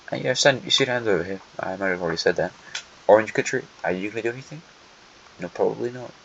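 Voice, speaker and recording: A man with a lowish voice offers casual commentary on an alternate history map, tossing dry jokes directly at the countries. The recording is a little dull and lo-fi, with faint hiss and quiet typing in the background.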